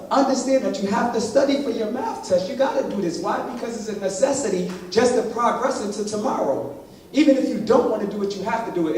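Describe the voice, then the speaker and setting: A man's voice: high-pitched, a little mellow, slight background noise. Middle-aged man talking in an echoey hall. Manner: chatty and upbeat, rising to emphatic exhortation. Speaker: dance instructor. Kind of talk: community presentation. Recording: echoey room, picked up from far off.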